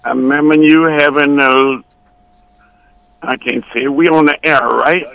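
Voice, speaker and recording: A man's voice: a little high, fairly even intonation, measured pace, vocal fry, fairly bright tone, dry recording, muffled recording. A man telling rambling, bawdy stories as a guest on a radio show. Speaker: guest musician. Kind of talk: casual storytelling on radio.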